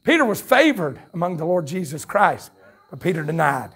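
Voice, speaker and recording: A Southern man preaching at a campmeeting, his voice pitched high and gravelly with a husky edge. He swings from fiery shouts into quick, folksy asides to the congregation. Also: sing-song. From North Carolina, USA. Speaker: pastor. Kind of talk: revival sermon. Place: church sanctuary at a campmeeting. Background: congregation calling out responses.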